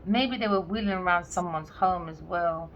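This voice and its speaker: A woman with a lowish voice reads tarot casually at normal speed, bluntly and sarcastically, swearing freely and voicing imagined dialogue. The lo-fi recording is slightly dull with faint noise behind her.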